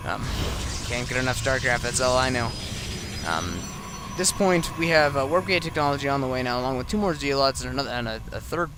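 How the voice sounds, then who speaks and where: A man's voice: medium pitch, expressive, background noise. A tired man who has been up all night, casually talking through his own game replay with lots of ums and restarts. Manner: halting, many ums and restarts.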